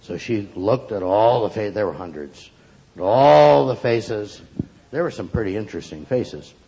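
A man telling a story aloud in an expressive, playful way, acting out the characters. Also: fairly low pitch, moderate pace, gravelly, highs cut off. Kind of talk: oral storytelling.

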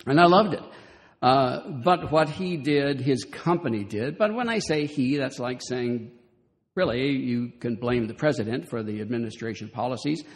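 An older man from Southern California speaks with wry, measured timing in a middling voice. His words ring out into a long hall reverb, and he reads aloud with expression. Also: medium pitch. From Southern California, USA. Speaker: speaker on children's literature. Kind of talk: lecture with read-aloud passages.

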